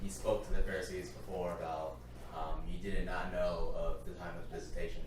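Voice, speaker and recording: A man's voice: low voice, level tone, fairly quick, roomy sound, slight background noise, poor audio. A man in a group Bible study, speaking hesitantly with many ums.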